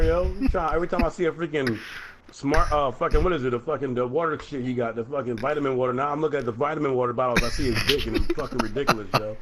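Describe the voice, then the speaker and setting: A man telling profane stories in animated casual banter. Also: mid-range voice, background noise. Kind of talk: casual banter while gaming.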